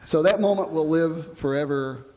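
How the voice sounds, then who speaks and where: A man who flew as an astronaut, telling his experiences in an oral history interview in a relaxed storytelling way. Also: a little high, moderate pace, in a large hall. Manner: relaxed storytelling, explains with comparisons.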